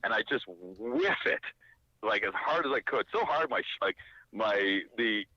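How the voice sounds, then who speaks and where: A man telling a long casual anecdote, animated and rambling, full of fillers and restarts. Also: lowish voice, a little slow, dry recording, lo-fi sound. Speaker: storyteller.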